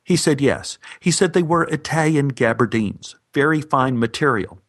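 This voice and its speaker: A man's voice: medium pitch, expressive, normal speed, a bit bright. Dry, wry male podcast storyteller.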